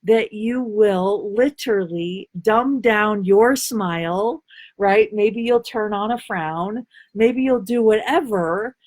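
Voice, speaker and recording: A woman's voice: medium pitch, slow, darkish tone. A woman coach chats on a live stream, answering comments as they come in. Her delivery is playful and bubbly, and she laughs often. She rambles loosely and leans on fillers as she talks. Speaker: intuitive life coach.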